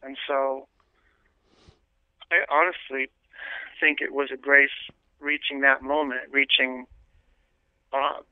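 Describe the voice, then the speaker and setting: A man, a priest, earnestly telling his life story as an interview guest, pausing often with fillers and restarts. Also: medium pitch, level tone, dry recording. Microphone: telephone. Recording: tinny dry phone line.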